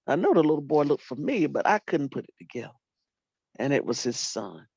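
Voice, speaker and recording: An older woman, a retired teacher and librarian, telling animated stories about her students in casual talk and acting out what people said. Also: deep voice, brisk, vocal fry, breathy edge, dry recording. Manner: animated storyteller, acts out quotes, folksy Southern phrasing. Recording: dull lo-fi dry sound.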